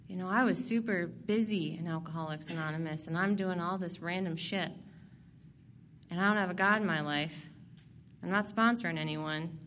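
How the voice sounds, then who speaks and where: A woman's voice: lowish voice, normal speed, fairly bright tone, slight background noise. Blunt, profane woman telling her story. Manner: blunt and profane, laughs at herself. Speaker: speaker sharing recovery story. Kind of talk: candid personal testimony.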